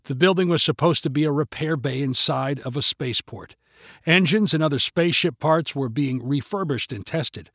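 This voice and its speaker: A man narrating a story in a steady, measured reading voice on a close mic. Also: a little high, dry recording.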